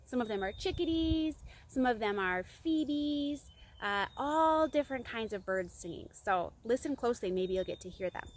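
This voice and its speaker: Expressive woman reading to children. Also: fairly high pitch, normal speed. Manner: bright, expressive storyteller talking to kids. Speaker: children's storytime reader. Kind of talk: reading a picture book aloud to children. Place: outdoors among singing birds.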